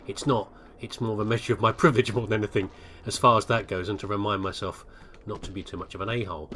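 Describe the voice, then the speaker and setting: An older man from England hosts a gaming video, rambling casually and self-deprecatingly over gameplay and often stopping to restart sentences. His voice is fairly low and bright, fast, with fairly even intonation. A little hiss or hum sits in the audio.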